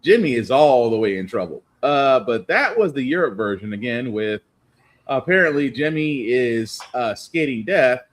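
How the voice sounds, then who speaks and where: A man's voice: mid-range voice, normal speed. A man co-hosting a casual pop-culture podcast, joking and talking loosely. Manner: loose, joking, lively delivery. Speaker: podcast co-host. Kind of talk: casual chat.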